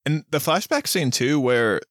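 A man's voice: mid-range voice, animated, a little slow, a bit bright, no echo. A man with a mid-range voice talks through a film's weak points on a movie podcast. His manner is casual and analytical. The sound is close and dry. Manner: analytical, points out plot problems. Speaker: podcast co-host.

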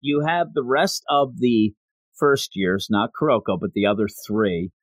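A man in casual chat, animatedly recapping a story and acting out the characters' lines in quick voices. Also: mid-range voice, no echo.

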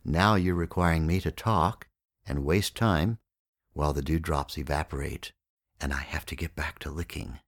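A grumbling, impatient man in a spoken storybook tale, sharp with anyone who slows him down, as a narrator puts him on. His voice sits very low, and the recording is close and dry. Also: steady tone, no room sound. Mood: irritated. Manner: impatient, complaining. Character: peevish thirsty man floating in a pond.

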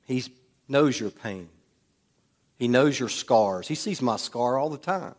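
A man preaching a sermon in a church, swinging between loud bursts and hushed, quiet lines. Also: mid-range voice, lively intonation, slow pace. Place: church sanctuary. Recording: long hall reverb.

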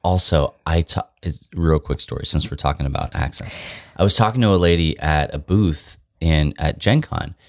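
A man's voice: rumbling low, normal speed, dry recording, studio quality. A man in his thirties co-hosting a casual chat, joking and telling playful stories. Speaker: podcast co-host.

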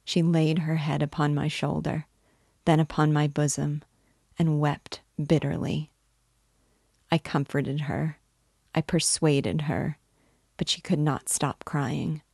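A woman reads a novel aloud in a measured, unhurried way. Her voice is low and gravelly, and the pace is slow. The recording is close and dry. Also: level tone, darkish tone, no echo. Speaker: reader and guide.

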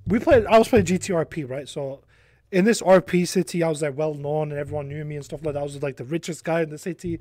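A young man, a podcast guest, telling a rambling, animated story in casual chat, swearing freely. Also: a little high, fast, dry recording, studio quality.

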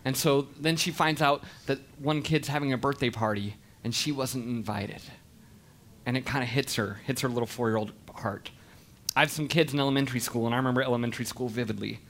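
A man in his thirties giving an animated, expressive storytelling talk to an audience. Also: medium pitch, brisk, slight background noise. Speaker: speaker.

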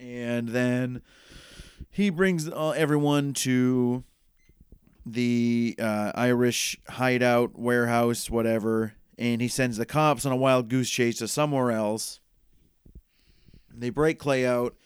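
A man talks through a TV season in loose, rambling play-by-play and swears freely. His voice is very smooth and crisp, at a middle pitch. The sound is dry and close, with no room echo. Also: steady tone, slow pace. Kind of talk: casual chat recapping a TV season.

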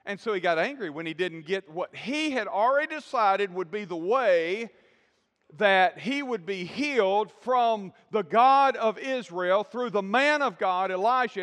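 High-voiced preacher in a reverberant hall. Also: male voice, lively intonation, unhurried, fairly bright tone. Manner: preaching with rhetorical questions to the congregation. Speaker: pastor. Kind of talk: sermon.

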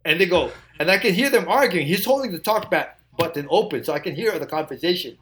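Older guy with a slightly high voice telling a story, laughs a lot, acts out the quotes. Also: lively intonation, fast, fairly bright tone. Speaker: guest musician. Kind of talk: animated storytelling.

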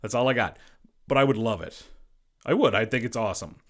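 A man's voice: mid-range voice, fairly quick. A man hosting a casual solo sports podcast, a former goalie who rambles and fills his talk with "you know". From Boston area. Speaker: podcast host.

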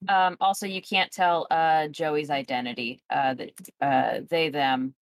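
Hesitant low-voiced woman player. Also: fairly even intonation, unhurried, dry recording. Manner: hesitant, many fillers, giggly. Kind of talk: casual chat at a tabletop game.

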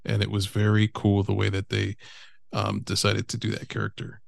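A man's voice: lowish voice, completely flat delivery, moderate pace, gravelly, no room sound. A man co-hosting a podcast, chatting casually and enthusiastically about a film and swearing freely. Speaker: podcast co-host. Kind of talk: casual movie review chat.

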